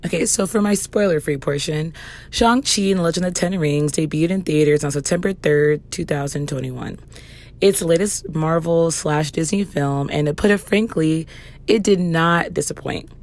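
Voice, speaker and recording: A woman hosting a podcast movie review, hoarse from losing her voice, chatting casually. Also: low voice, moderate pace, a little mellow. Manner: chatty, with fillers and restarts. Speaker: podcast host.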